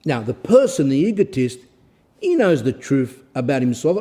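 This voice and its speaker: Middle-aged priest guy preaching, warm mellow tone, earnest storytelling. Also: on the high side, big pitch swings, moderate pace. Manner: earnest storytelling, acts out quoted exchanges. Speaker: Orthodox priest. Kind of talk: sermon-style talk.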